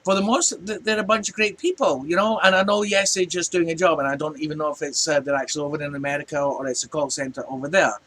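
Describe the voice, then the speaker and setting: A man's voice: fairly high pitch, quick pace, few pauses, a bit bright. A Scottish man in his forties ranting casually to camera, rambling and chatty with lots of restarts. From Scotland. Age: 40s. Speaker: vlogger. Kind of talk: casual rant.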